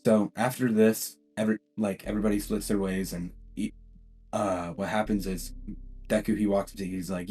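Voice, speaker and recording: A young man tells a what-if story in a casual, rambling way, often laughing and correcting himself. His voice is fairly low, with faint guitar music playing underneath. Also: steady tone, moderate pace, mellow.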